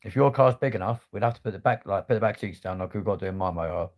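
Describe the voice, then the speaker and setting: Gravelly sweary bloke. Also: male voice, lowish voice, very fast, darkish tone. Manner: sweary, laddish banter. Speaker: livestream host. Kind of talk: casual livestream chat.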